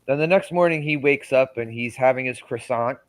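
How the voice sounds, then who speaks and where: A man's voice: medium pitch, brisk, low-quality recording. A man co-hosting a casual movie podcast, rambling and crude, with frequent laughs. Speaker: podcast co-host.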